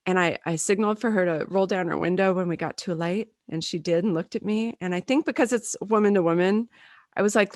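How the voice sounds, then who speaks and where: A woman in her thirties chats on a podcast, caught dry and close on the mic. She is an animated storyteller who slips into the voices of the people in her stories. Her pitch sits in a middle range. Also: brisk, no echo. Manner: animated storyteller, acts out quotes. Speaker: podcast co-host. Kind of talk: casual chat.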